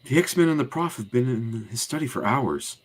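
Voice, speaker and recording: A man's voice: mid-range voice, expressive, normal speed, pitched above the performer's own voice, lightly acted. A man voicing a curious, worried teenage girl with a raised, youthful delivery.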